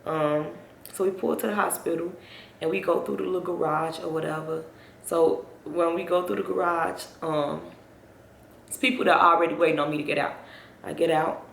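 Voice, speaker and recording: Young woman rambling through a storytime vlog, raspy fry in her voice, roomy echo. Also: low voice, fairly even intonation, moderate pace, a bit bright, a little hiss or hum. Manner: rambling, addresses viewers directly. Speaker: vlogger.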